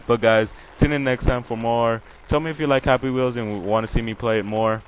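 A man giving excitable, jokey let's play commentary over a game, with loud outbursts. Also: mid-range voice, normal speed, hardly any pauses. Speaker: gameplay commentator. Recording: loud game noise behind.

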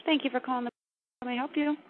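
A woman's voice: sits high, fairly even intonation, quick pace, heavy background noise. A woman answering calls in a dry, unimpressed, sing-song way. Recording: tinny phone line.

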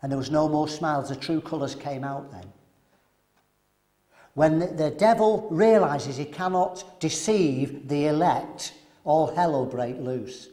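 A man preaching at a men's seminar, animated and throwing rhetorical questions to the audience. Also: on the high side, unhurried.

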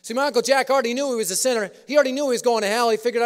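A man's voice: extremely high pitch, rapid-fire, few pauses. A man preaching a sermon in an auditorium, telling a story with humor. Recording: echoey auditorium.

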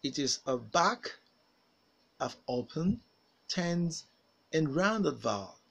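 A man teaching phonics, saying single words and sentences slowly and carefully for learners to repeat. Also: on the high side, big pitch swings, gravelly, fairly bright tone, rough recording. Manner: slow, carefully enunciated single words with pauses for repetition. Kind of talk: pronunciation drill lesson.

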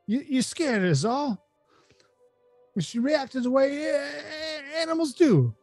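A man's voice: animated, takes it slowly, darkish tone, no room sound, heavily acted. A cheerful professor of magical creatures with a put-on twang, as a man voices him. The voice sits well above the performer's own and sounds folksy and chirpy. It is recorded close and dry, with faint music behind it. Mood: reassuring. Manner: chirpy, folksy, higher than his own voice.

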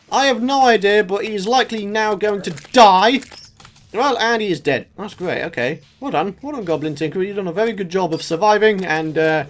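A young man commentating his own gameplay, excitable and shouting at enemies as he fights. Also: sits high. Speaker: gaming YouTuber. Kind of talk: let's play commentary.

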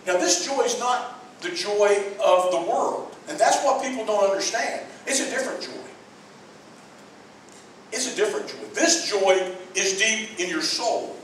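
A man's voice: high-pitched, fairly bright tone. A man preaching a sermon to his congregation, earnest and repetitive, speaking straight to the people in the pews. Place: church sanctuary. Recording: very echoey church hall, mic far off, faint noise.

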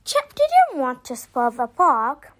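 A woman reads a children's storybook aloud with a very high voice. She reads slowly and clearly, stretching out the sentences. Her pitch moves a lot to keep young listeners engaged. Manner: slow, expressive read-aloud. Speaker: narrator.

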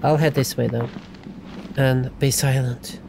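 A man doing let's play commentary, excitable and laughing often, dropping from loud yelps to hushed talk. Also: medium pitch, unhurried, gravelly, background noise. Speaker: gaming YouTuber.

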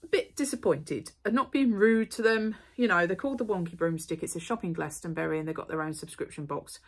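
Chatty woman rambling through a haul. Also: lowish voice. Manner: chatty, rambling, quick asides and apologies. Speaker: vlogger. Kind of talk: casual unboxing chat to camera.

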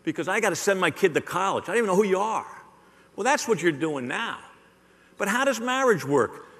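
Animated keynote speaker, middle-aged man, playful and rhetorical, recorded with a long hall echo. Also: sits high, fairly quick. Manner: animated, joking, rhetorical, works the audience. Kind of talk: live motivational keynote. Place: large hall with a live audience.

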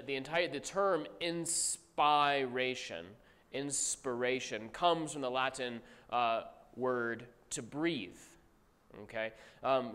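Brief: male Bible teacher, mid-pitched, chatty and repetitive, recorded in a reverberant classroom. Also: a bit bright, clean tone. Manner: conversational, repeats points, asks class questions. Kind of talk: classroom theology lecture.

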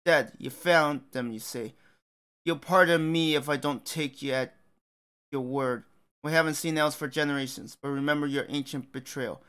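A man's voice: on the high side, fairly even intonation, normal speed, a bit bright, clear, resonant tone, close to an everyday voice. A man voicing a suspicious, sarcastic male human commander who speaks in an accusing way.

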